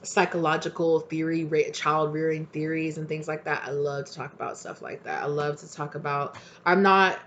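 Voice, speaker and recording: A young woman with a somewhat low-pitched voice vents on camera. Her talk is heated and passionate, sprinkled with swearing, in the loose style of a tarot reader's casual vlog. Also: flat delivery, normal speed, few pauses, fairly bright tone, highs cut off, a little hiss or hum.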